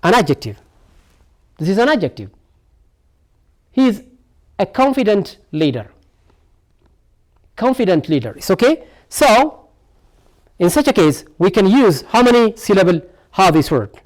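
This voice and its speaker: A man's voice: sits high, very animated, unhurried, pauses often. A male English teacher with an Ethiopian accent giving a broadcast lesson, repeating words and answering his own questions. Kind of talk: televised classroom lesson.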